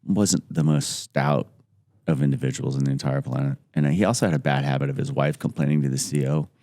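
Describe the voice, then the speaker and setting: Deep, dark-voiced man telling rambling stories. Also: brisk, no room sound. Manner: rambling, loose delivery full of "like", acting out quotes in lively voices. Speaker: podcast guest. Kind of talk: casual anecdote storytelling.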